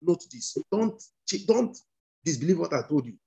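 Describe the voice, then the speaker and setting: A man's voice: a little high, big pitch swings, moderate pace, creaky, mellow, slightly rough, dull audio. A male pastor leading a fervent prayer sermon over a video call, repeating commands and breaking into tongues. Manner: commanding, repetitive declarations; speaks in tongues between prayers.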